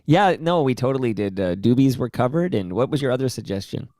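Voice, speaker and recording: A man co-hosting a podcast, joking in quick casual banter. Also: medium pitch, animated, a little mellow, no room sound, studio quality. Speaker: podcast co-host. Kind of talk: casual chat.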